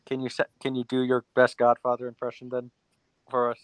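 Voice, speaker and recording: A man's voice: mid-range voice, monotone, a little fast, no echo, low-quality recording. A man hosting a live stream in casual chat, teasing a guest and often repeating his words.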